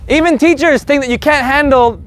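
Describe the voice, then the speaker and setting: A man teaching a live group Spanish lesson in an energetic, joking, profane way. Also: very high-pitched, a little fast, a little hiss or hum.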